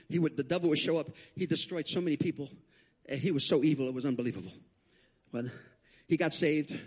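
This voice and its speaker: A guest pastor preaches at a rapid clip, his husky voice jumping into the voices of the people in his stories. He often stumbles and restarts mid-phrase, and his voice sits a little high for a man. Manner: animated storytelling, acting out quoted voices, frequent stammered restarts. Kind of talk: sermon.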